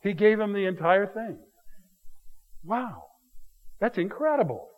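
A man with a slightly higher voice preaches through a scripture passage verse by verse. He keeps it conversational, often checking in with his listeners with quick rhetorical questions. He puts lively emphasis on the key points. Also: phone-quality sound. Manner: paraphrases the text with lively emphasis. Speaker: pastor. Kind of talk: expository sermon on scripture.

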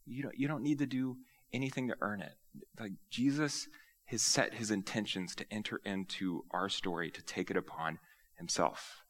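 Male pastor, low voice with a bright, forceful edge; lively sermon delivery that acts out quotes. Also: moderate pace. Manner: animated, acts out quoted speech.

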